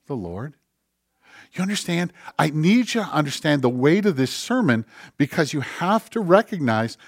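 A man preaching a sermon, moving between soft, conversational asides and forceful, rising preaching. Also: fairly high pitch, no echo, clean studio sound. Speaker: pastor.

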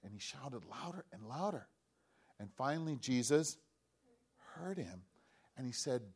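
A man preaching a children's sermon, telling a story in an animated way and asking the children questions. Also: medium pitch, unhurried, vocal fry, pauses often, slightly rough. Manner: animated, asks children questions, acts out voices. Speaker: pastor giving a children's message.

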